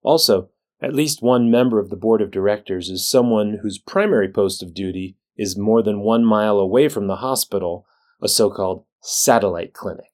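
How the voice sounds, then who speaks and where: A man who is a physician and the show's host reads a scripted weekly recap in a measured, plain way, with a dry sense of humor. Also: fairly low pitch. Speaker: physician leader and podcast host.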